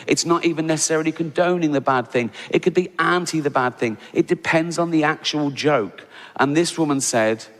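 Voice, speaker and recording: Sarcastic English comedian in a big reverberant hall. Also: male voice, a bit bright. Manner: sarcastic, incredulous storytelling with mock-outraged high-pitched asides. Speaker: stand-up comedian. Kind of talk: stand-up comedy routine. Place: large theatre stage. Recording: live theatre with long reverb and audience.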